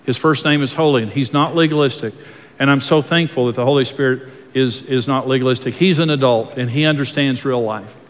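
A man's voice: mid-range voice, a little fast. A man pastor preaching a sermon in an earnest, folksy way, often repeating himself and restarting his words. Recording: long hall reverb.

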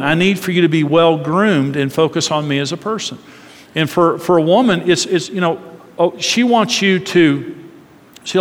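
Animated man preaching in a reverberant hall. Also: on the high side. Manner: animated, acts out voices in his stories. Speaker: marriage speaker. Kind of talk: sermon-style marriage talk.

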